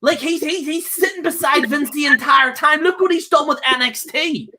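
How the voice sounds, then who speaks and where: A man co-hosts a wrestling chat with a bright, forceful tone. He rants angrily and swears freely. He circles back on his own words and keeps checking in with "okay?". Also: very high voice, moderate pace. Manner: angry, profane, repeats himself, keeps ending with "okay?". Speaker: co-host. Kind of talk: casual podcast rant.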